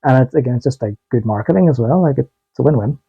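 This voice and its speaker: Mellow man, dull sound. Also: medium pitch, expressive, fast, creaky, breathy edge. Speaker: podcast co-host. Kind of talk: casual podcast chat.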